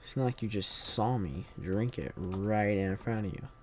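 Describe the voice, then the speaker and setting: A man hosting a gaming channel, rambling through Minecraft commentary and bursting into loud angry yelling. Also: on the low side, normal speed, a little hiss or hum.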